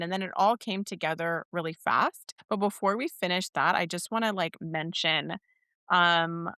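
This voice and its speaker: A woman's voice: on the low side, normal speed, bright, forceful tone, clear, resonant tone, dry recording, clean studio sound. A woman co-hosting a podcast in casual chat, talking animatedly and acting out quotes in other voices. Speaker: podcast co-host. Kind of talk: casual chat recapping a soap opera.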